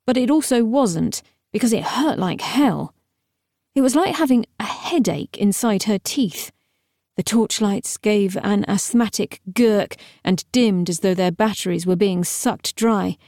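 Woman narrating a dark audiobook. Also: medium pitch, no room sound, studio quality. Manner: steady, measured storytelling. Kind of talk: scripted narration.

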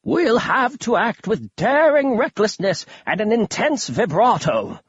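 A man doing a wildly excitable old lord. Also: measured pace, breathy edge, no room sound, lo-fi sound, full character voice. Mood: excited. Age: older. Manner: exclaiming, theatrical, pitch jumping high.

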